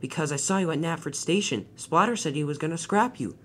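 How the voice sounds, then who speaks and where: A reader doing a hurried little tank engine. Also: medium pitch, animated, fairly bright tone, slight background noise, voice pushed up, natural voice. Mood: worried. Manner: hurried, worried.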